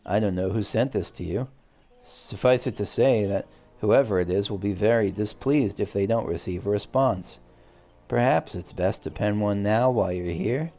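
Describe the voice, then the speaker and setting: A man's voice: lowish voice, normal speed, mellow, soft background music, natural voice. A man voicing a polite, fussy little moogle courier while reading game dialogue aloud. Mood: chirpy.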